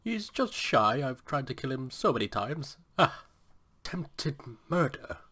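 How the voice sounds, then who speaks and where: A man's voice: mid-range voice, sing-song, measured pace, pushed and bright, exaggerated voice. A man voicing a pompous, theatrical middle-aged cartoon villain.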